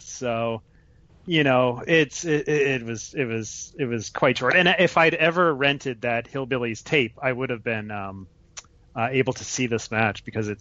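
A man's voice: medium pitch, fairly bright tone, no echo. An easygoing man co-hosting a casual chat, thinking his way through his opinions. He is recorded close and dry, with a slightly dull, lo-fi tone. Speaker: podcast co-host. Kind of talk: casual wrestling review chat.

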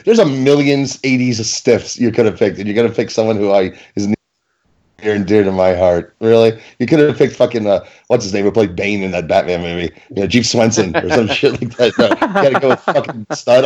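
A man with a somewhat low voice talks loosely and with plenty of swearing. He jumps between joking outrage and excited opinion in relaxed podcast chat. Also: brisk, muffled recording. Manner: profane, animated, mock-indignant banter. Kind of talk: casual chat.

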